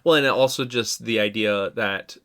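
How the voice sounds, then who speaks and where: A man's voice: lowish voice, normal speed, fairly bright tone. A man co-hosting a casual podcast, chiming in with enthusiastic agreement and his own ideas. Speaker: podcast co-host. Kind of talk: casual chat.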